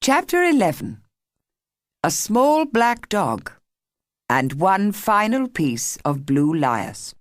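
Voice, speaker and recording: Reading an audiobook from a script, a woman tells the story in a measured yet expressive way. Her voice is mid-range, and the clean studio recording has no room sound.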